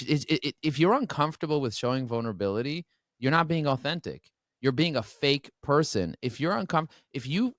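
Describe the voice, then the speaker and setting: A man's voice: medium pitch, a bit bright, dry recording, studio quality. A man guest on a podcast, speaking openly and emotionally, often restarting his sentences. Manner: emotional, open, many restarts. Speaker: podcast guest, business owner. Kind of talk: candid interview talk. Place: standing while talking.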